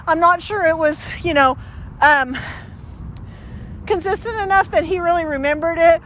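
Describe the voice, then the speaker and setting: High-voiced chatty woman dog trainer. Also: moderate pace, a bit bright, a little hiss or hum. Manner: chatty, with many fillers, short upbeat praise to the dog. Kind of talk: casual training demonstration.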